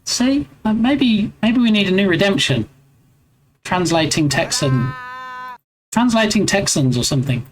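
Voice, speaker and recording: A man's voice: high voice, animated, measured pace, background noise. A man in his forties with an English accent, chatting casually with his live stream viewers and bantering playfully as he answers their chat.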